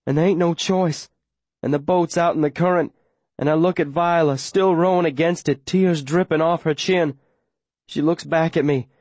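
A man's voice: medium pitch, fairly even intonation, normal speed, darkish tone, no room sound. A man narrating an audiobook in the first person, with urgent, breathless, run-on telling.

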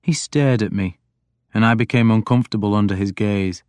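A man reading a first-person story as audiobook narrator, in a reflective, even manner. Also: lowish voice, fairly quick, clear, resonant tone, dry recording.

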